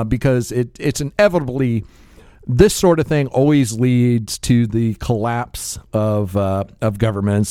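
A man co-hosting a casual podcast, talking in a deadpan, sardonic way and chuckling at his own jokes. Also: mid-range voice, no echo, studio quality. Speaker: podcast co-host. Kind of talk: casual chat.

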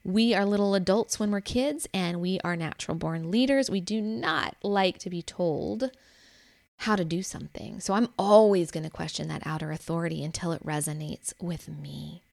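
A woman's voice: lowish voice, moderate pace, creaky, a little mellow, no room sound. A woman hosting a solo podcast as a life coach, talking in an earnest, encouraging way and laughing easily. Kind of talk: solo spiritual podcast monologue.

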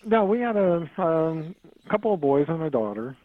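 A man's voice: a little high, big pitch swings, normal speed. A man, a podcast guest, telling a personal story in a casual way, often stumbling, repeating words and chuckling as he goes. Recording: dull lo-fi audio.

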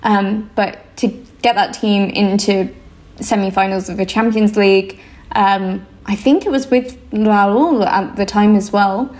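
A woman's voice: mid-range voice, fairly even intonation, a little slow, a little mellow. A young woman, a football analyst guest, talking casually in an interview, thoughtful and hesitant with frequent ums. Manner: thoughtful, many ums, laughs easily.

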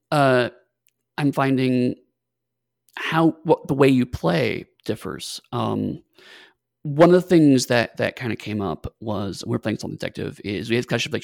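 Gravelly man with dry close sound. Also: medium pitch, animated, normal speed, no echo. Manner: reflective, fillers and hesitations. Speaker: podcast co-host, game master. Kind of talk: casual chat.

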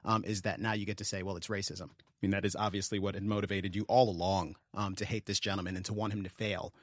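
A man with a low voice gives dry, sardonic commentary on a political podcast. He stops and restarts his phrases often. The sound is close and dry. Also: level tone, no room sound. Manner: sardonic, halting, repeats words. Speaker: podcast co-host. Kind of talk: casual political chat.

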